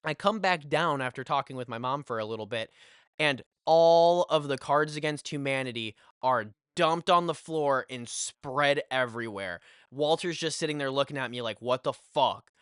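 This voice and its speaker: A young man hosting a podcast, telling a storytime monologue in an animated, profane way with lots of fillers. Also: medium pitch, normal speed, clean tone, dry recording, clean studio sound. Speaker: podcast host.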